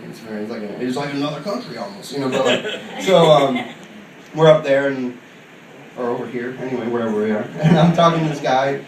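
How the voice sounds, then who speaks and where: A young man from upstate New York doing a stand-up comedy set, telling a loose, rambling story full of fillers and breaking into quick voices for the people in it. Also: medium pitch. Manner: acts out other people in quick put-on voices. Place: comedy club stage. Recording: roomy club sound from a distant mic, audible ambience. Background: crowd laughter.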